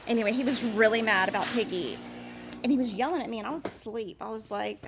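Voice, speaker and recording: Chatty gravelly-voiced woman host. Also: a little high, animated, fast, background noise. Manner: chatty storyteller, thinks aloud over math. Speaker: quilting show host. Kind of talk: casual chat while cutting fabric.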